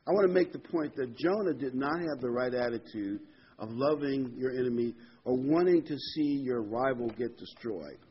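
A man's voice: medium pitch, moderate pace, slightly rough. Casual, chatty male preacher. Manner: conversational and digressive, reads scripture aloud. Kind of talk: informal Bible teaching. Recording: dull lo-fi recording.

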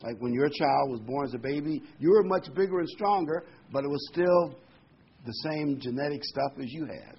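A man's voice: a little high, moderate pace, breathy edge. A man preaching a sermon in a conversational teaching manner, reading scripture and adding asides. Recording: dull lo-fi recording.

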